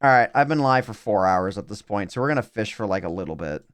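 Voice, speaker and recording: A man's voice: lowish voice, lively intonation, fast talker, clean tone. A young adult man streaming a game live, thinking aloud in a rambling way with self-mocking asides.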